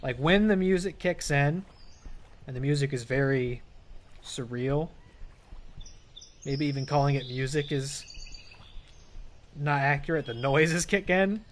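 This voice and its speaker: A man giving relaxed, musing gameplay commentary as he plays a horror game, with asides to viewers. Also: fairly high pitch, a little slow, long pauses, slight background noise. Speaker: gamer playing a horror game. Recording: loud game music behind.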